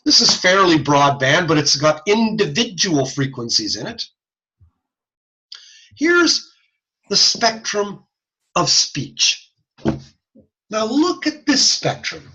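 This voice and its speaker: A man lecturing in a bright, forward voice that rises and falls a great deal. He talks slowly and casually, stopping to demonstrate sounds aloud. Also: high-pitched, sing-song, rough recording. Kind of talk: recorded video lecture.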